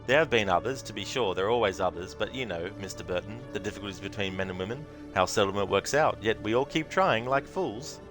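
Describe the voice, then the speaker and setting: A man playing an ancient, scheming male sorcerer in an exaggerated Australian accent, drawn-out and theatrical. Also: lowish voice, over music, natural voice. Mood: weary.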